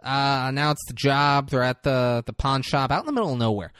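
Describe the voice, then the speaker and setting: This man's mid-range voice is clear, resonant and a bit bright, and he talks fairly quickly. As a podcast co-host he casually recaps a movie, cursing and imitating the characters, in clean studio sound without room reverb.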